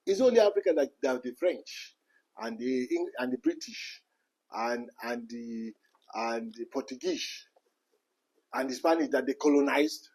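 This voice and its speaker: A man's voice: medium pitch, sing-song, unhurried, a little mellow, husky, rough recording. A Nigerian man giving an impassioned rant, full of repeated phrases and rhetorical questions. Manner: repetitive, rhetorical questions, emphatic.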